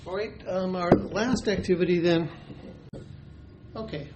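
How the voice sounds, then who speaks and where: A man with a fairly high voice walks through a classroom teaching technique, pausing often with ums and uhs as he explains. The recording carries a clear layer of background noise. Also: fairly even intonation. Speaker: teacher educator. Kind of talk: instructional demonstration. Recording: noisy recording.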